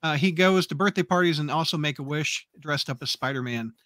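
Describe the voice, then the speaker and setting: A man's voice: fairly high pitch, brisk, fairly bright tone, dry recording. A man hosting a fan podcast, reading listener comments aloud and laughing often. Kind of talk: casual fan podcast chat.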